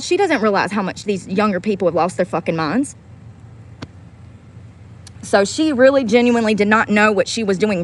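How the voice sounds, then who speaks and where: A woman ranting heatedly on a casual livestream, swearing often and repeating herself for emphasis. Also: medium pitch. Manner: heated, profane, repetitive. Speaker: livestream host.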